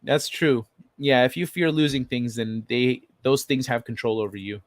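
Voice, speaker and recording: Reading through his chat, a livestream host tosses off blunt, profane comments at normal speed. His casual voice sits in a middle range, captured close and dry without any echo.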